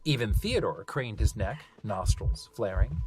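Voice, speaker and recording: A reader calmly narrating a novel as an audiobook, with expressive storytelling. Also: medium pitch, unhurried, faint music behind.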